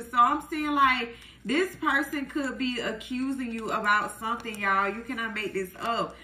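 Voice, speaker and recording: A woman giving a casual tarot reading to viewers, chatty and animated, full of fillers. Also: fairly high pitch, normal speed, echoey room, low-quality recording. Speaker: tarot reader.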